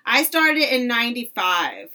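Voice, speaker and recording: A woman's voice: on the high side, very animated, measured pace, bright, forceful tone. A woman hosting a podcast, chatting casually and reacting with short exclamations. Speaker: podcast host. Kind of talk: casual chat.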